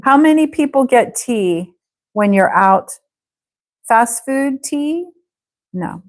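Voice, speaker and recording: Woman english teacher, slow careful drills, slightly high voice. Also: lively intonation, rough recording. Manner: slow, clear model phrases for repeating. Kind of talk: live English class drills.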